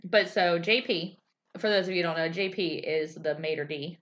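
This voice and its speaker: A woman with a lowish voice chats casually as a podcast co-host, slipping into goofy voices for quotes. The audio is dull and lo-fi, like a home recording. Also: normal speed, a bit bright. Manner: chatty, acts out quotes in silly voices. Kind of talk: casual recap chat.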